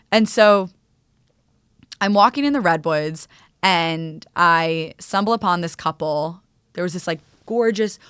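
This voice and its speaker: Smooth-voiced chatty woman podcaster. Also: fairly low pitch, no echo, studio quality. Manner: animated, chatty, frequent "like" fillers and laughs. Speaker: podcast host. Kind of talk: casual solo storytelling.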